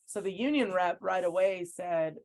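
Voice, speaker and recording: A woman with a somewhat low voice tells her story in an interview. She speaks earnestly and acts out what other people said. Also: normal speed, darkish tone. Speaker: basketball coach, interview guest. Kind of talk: recounting events in an interview.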